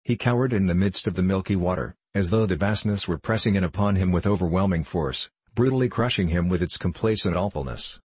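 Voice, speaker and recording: A man narrating a story in a measured, even storytelling manner. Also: low-pitched, slightly rough, dry recording. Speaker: audiobook narrator. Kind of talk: scripted narration.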